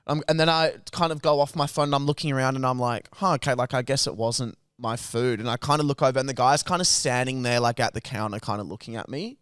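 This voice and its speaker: A man's voice: medium pitch, fast talker, few pauses, fairly bright tone, clean tone, dry recording, studio quality. A young Australian man co-hosting a podcast, telling a rambling, sweary anecdote in casual chat. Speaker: podcast co-host.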